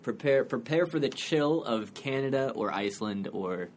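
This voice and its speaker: A man's voice: mid-range voice, expressive, slight background noise. A man co-hosting a podcast, joking and chatting casually. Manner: joking, quick with asides. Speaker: podcast co-host. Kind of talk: casual chat.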